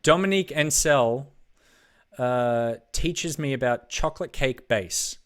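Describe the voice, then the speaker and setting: A man co-hosting a game broadcast, bantering casually. He teases his partner and rambles through stories with plenty of ums and uhs. His voice sits at an ordinary middle pitch. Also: slow, clear, resonant tone. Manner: playful, teasing, rambling with many fillers. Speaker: esports broadcast co-host.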